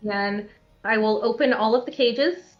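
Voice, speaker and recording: A woman plays a tabletop game, thinking aloud in a slow, deliberate way. Her voice is somewhat high. The recording is slightly dull, with faint music. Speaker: player.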